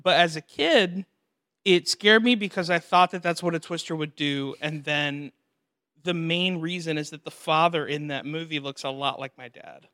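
Bright, animated young man hosting a podcast. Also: fairly high pitch, moderate pace, no room sound, clean studio sound. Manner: animated storyteller, acts out voices and laughs often. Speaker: podcast host. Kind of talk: casual chat.

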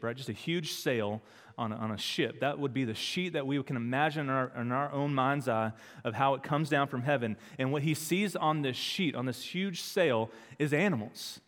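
A man's voice: mid-range voice, a bit bright, long reverb tail. A man pastor preaching a sermon, building to emphatic, rising intensity and acting out the quotes he tells. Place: church sanctuary.

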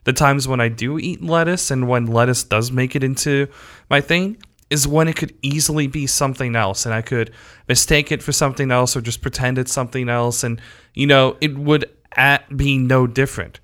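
A man co-hosting a casual podcast chat who explains his view in a measured way. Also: medium pitch, steady tone, fairly bright tone.

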